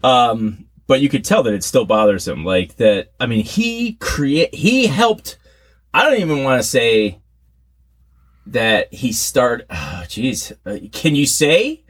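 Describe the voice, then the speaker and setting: A man co-hosting a podcast, chatting casually and poking fun at himself. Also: slow pace. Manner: chatty, self-mocking, animated swings in pitch. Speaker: podcast co-host.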